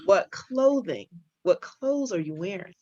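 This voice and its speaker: A woman's voice: medium pitch, lively intonation, a little slow, a little mellow, dry recording, highs cut off. A woman hosting an online event in a chatty, playful way, full of "like" and restarts, over a video call. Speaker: event host.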